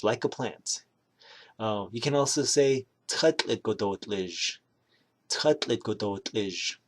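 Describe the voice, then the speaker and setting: Laid-back guy teaching vocab, kinda low voice, says each word slow and twice. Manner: relaxed, repeats each word slowly. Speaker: language teacher. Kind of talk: casual language lesson.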